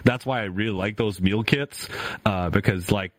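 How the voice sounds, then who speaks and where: A man's voice: on the low side, normal speed, dry recording. A man co-hosting a casual podcast chat, telling stories animatedly and laughing often. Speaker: podcast co-host.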